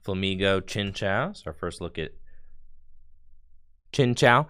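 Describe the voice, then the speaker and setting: A man's voice: lowish voice, very animated, a little slow, fairly bright tone, clear, resonant tone. A man chatting casually on a live stream while opening card packs, talking in a chatty, slangy way with bursts of enthusiasm.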